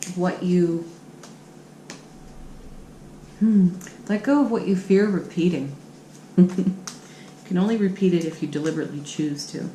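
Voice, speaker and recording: A woman with a fairly low voice reads tarot cards for her viewers. She talks in an affirming, encouraging way. The room gives an echoey sound over faint background ambience. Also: moderate pace, mellow, slight background noise. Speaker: tarot reader. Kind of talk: channel tarot reading.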